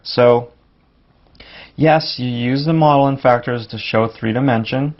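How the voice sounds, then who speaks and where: A man talks through a drawing lesson in a relaxed, casual way, explaining while he works. His voice sits at an ordinary middle pitch. The recording is slightly dull and lo-fi, like an older podcast. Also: measured pace. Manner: relaxed, explains while demonstrating, with fillers like "you know" and "kinda". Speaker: drawing instructor.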